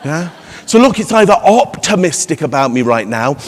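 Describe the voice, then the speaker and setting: A man's voice: fairly high pitch, very animated, a little fast. A man giving a live conference keynote, playful and teasing the audience with rhetorical questions. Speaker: keynote speaker. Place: large conference hall. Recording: long hall reverb.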